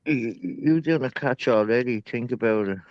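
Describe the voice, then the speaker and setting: A man's voice: mid-range voice, moderate pace, no echo, muffled recording. A man in a casual chat, offering encouragement in short remarks. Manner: encouraging, brief interjections.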